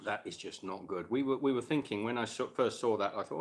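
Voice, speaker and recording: A man's voice: on the low side, quick pace, hardly any pauses. A man hosting a casual live stream chat while cooking, chatting between bites and answering viewers' questions.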